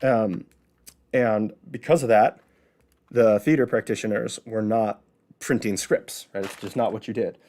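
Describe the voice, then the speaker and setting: A man's voice: on the low side, fairly even intonation, a little slow, dark tone. Man from Illinois with a Chicago accent, solo show host, casual and talkative, explains through rhetorical questions. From Midwest, Illinois. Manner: chatty, asks and answers his own rhetorical questions. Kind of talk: casual educational monologue.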